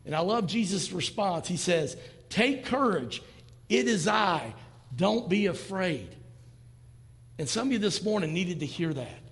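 In a church sanctuary, a pastor in his fifties preaches a sermon to his congregation, speaking conversationally and acting out the lines he quotes. His voice sits high and carries through the large hall.

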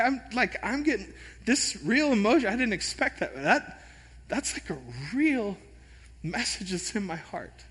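High, bright-voiced pastor in a reverberant hall. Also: male voice, a little slow, breathy edge. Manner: animated, self-deprecating storytelling. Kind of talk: sermon.

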